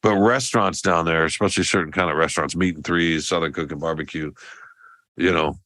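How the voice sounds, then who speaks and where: A man's voice: low-pitched, brisk, pushed and bright, no room sound. A man co-hosting a podcast, telling a long, rambling story in casual chat with many restarts. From American South. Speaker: podcast co-host.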